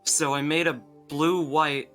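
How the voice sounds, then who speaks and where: Slow-talking man with a bright voice. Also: fairly high pitch, fairly even intonation, faint music behind. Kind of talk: casual chat on a voice call.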